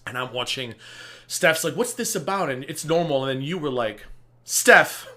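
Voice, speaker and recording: A man hosting a livestream, chatting casually and telling stories in an animated, profane way. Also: medium pitch, a little fast. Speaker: livestream host. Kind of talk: casual chat.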